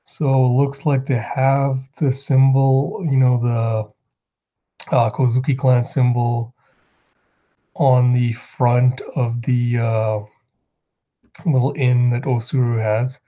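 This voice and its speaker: A man's voice: mid-range voice, flat delivery, takes it slowly, lo-fi sound. A man hosting his own channel, casually recapping a manga chapter and reading the characters' lines aloud. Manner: rambling, reads character lines aloud in quotes.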